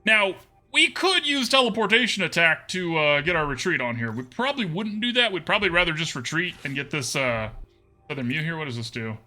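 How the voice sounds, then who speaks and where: A man commentates his own card game on a live stream, talking casually and reading out chat. His voice sits a little high and very bright, and it bounces around with a lot of pitch movement. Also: very animated, fairly quick, soft background music. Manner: chatty, answers chat, laughs often.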